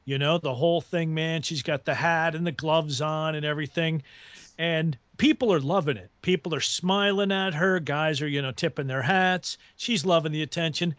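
A man's voice: on the high side, normal speed, fairly bright tone, no echo. A man on a radio talk show, telling a rambling story in a casual way and chuckling often.

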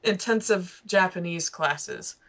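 A woman's voice: fairly low pitch, slow pace, a bit bright. A young woman, a student, chatting casually and telling anecdotes with laughs. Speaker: student guest. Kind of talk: casual chat.

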